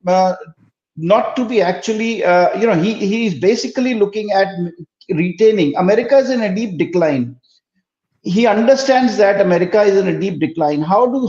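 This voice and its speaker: A high-voiced man joins a panel discussion as a guest commentator. His speech is halting, full of fillers and repeats. His voice comes through a dull remote audio link. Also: darkish tone.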